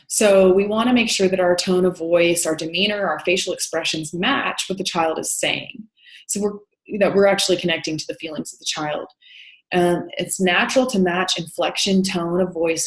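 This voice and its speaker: Counseling teacher, female, deeper-set voice, patient explainer, reverberant room sound. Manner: explanatory, with frequent "um" and "you know". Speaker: counseling instructor. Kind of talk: recorded lecture.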